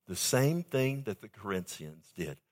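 A man on the low side of the pitch range preaches in a sing-song manner at a measured pace. His sermon is emphatic, swinging from quiet to loud outbursts, and he seeks a response from the congregation.

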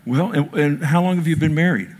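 A man preaching a sermon as pastor, talking with people in the crowd and asking for amens. He swings from loud, rising declarations to hushed whispers. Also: on the high side, fairly quick. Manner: quotes scripture and asks the crowd for amens. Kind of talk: sermon with audience interaction.

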